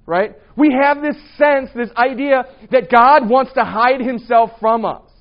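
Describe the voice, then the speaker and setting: At a measured pace, a high-voiced man leads his Bible class in a relaxed, conversational manner, repeatedly quizzing students and asking "right?". The sound is dull and lo-fi.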